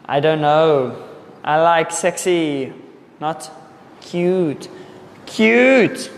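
Slow, echoey man teaching. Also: on the high side, slight background noise. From South Africa. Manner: slow, deliberate, repeats and corrects words for learners. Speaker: English teacher. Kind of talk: answering viewer questions for learners. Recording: echoey room with long reverb.

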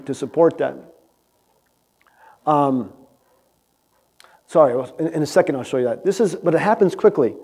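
A man's voice: a little high, warm tone. A man presenting research as a conference lecture, talking conversationally to a room and checking in with the audience often. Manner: conversational, asks "right?" often. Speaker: animal science researcher presenting.

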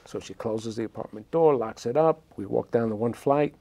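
A man tells an old story as a talk-show guest. His voice is gravelly and husky, and he speaks at a medium pitch. He tells the story with animation and acts out the other people's voices. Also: moderate pace, dark tone, dry recording. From New York City. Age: 60s. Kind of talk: telling a childhood anecdote.

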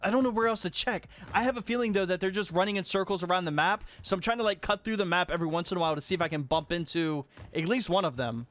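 A young man giving excited gameplay commentary while hosting a hide and seek game, laughing often and scolding players. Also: high-pitched, fast, few pauses, dry recording.

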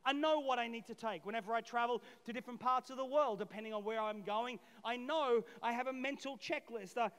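A middle-aged man preaching a lively sermon as pastor, swinging between loud shouted peaks and quiet asides, acting out voices from the story. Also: very high-pitched, brisk, hardly any pauses, smooth. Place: church auditorium. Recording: long hall reverb.

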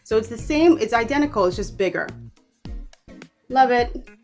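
A woman's voice: fairly high pitch, lively intonation, moderate pace, faint music behind. A woman from the Bahamas giving a casual, chatty tour of her bedroom, often stopping to correct herself and teasing playfully. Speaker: vlogger. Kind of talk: casual room tour vlog.

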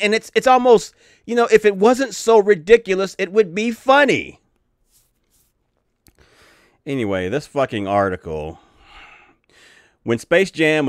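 A man's voice: mid-range voice, dry recording, studio quality. A middle-aged man hosting his own channel, ranting angrily with lots of cursing in a profane commentary. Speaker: channel host.

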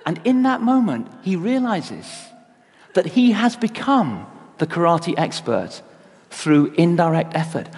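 A man giving a sermon, telling a story with lively acted-out voices. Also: fairly high pitch, a little slow. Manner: animated storytelling, acts out voices. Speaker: preacher. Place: church. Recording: long church reverb.

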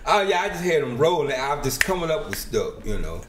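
A middle-aged man, a comedian, telling stories in casual chat and bursting into loud laughter. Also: on the high side, very animated, fairly quick, reverberant, noisy background. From United States. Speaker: guest comedian. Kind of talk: casual storytelling.

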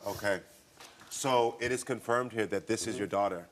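A man hosting a daytime talk show, asking probing, measured questions. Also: lowish voice.

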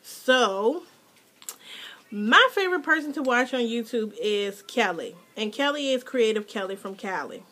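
A mother filming a casual unboxing vlog at home, gushing and excitable, her voice jumping to squeals when she is thrilled. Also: on the high side, measured pace. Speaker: mother and hobby vlogger. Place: home with children nearby.

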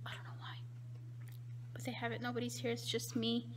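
A young woman vlogging casually, rambling in a self-conscious way and often dropping to a hushed voice, filmed on a handheld phone out at a beach, in a car and at a gym. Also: on the high side, monotone, a little fast, in a whisper, poor audio. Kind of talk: casual vlog chat.

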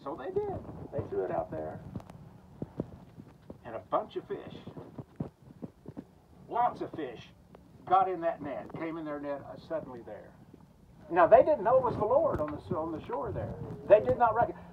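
A man's voice: high voice, huge pitch swings, normal speed, long pauses, dull audio. Folksy man preaching outdoors at a graveside. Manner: folksy storytelling, voices the characters' lines. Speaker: pastor at a graveside service. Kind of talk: graveside sermon retelling scripture. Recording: distant outdoor mic with clear background noise.

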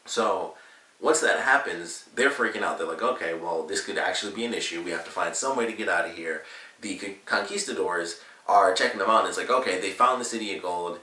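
Casual male reviewer, low voice, rambling recap full of fillers, roomy room. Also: fairly quick, bright, forceful tone. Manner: rambling, filler-heavy retelling with lots of "like". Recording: roomy, slightly distant mic.

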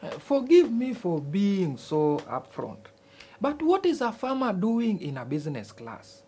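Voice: mid-range voice, huge pitch swings, unhurried, warm tone, slight background noise. A performer playing a blunt, skeptical student. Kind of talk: TV sitcom acting.

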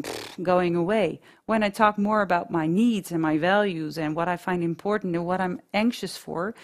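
Woman therapist, calm explainer, webinar lesson. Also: mid-range voice. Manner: calm, explains with acted example dialogues. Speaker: therapist leading a masterclass.

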